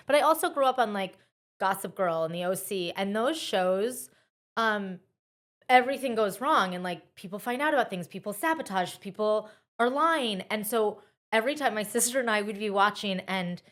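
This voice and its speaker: A woman co-hosting a podcast, chatting excitably with lots of fillers. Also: mid-range voice, moderate pace. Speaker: podcast co-host. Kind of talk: casual chat.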